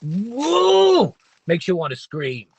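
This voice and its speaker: A man's voice: mid-range voice, normal speed, slightly rough, no echo, lo-fi sound. A man hosting a casual livestream from his parked car, rambling and opinionated with many restarts. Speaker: livestream host.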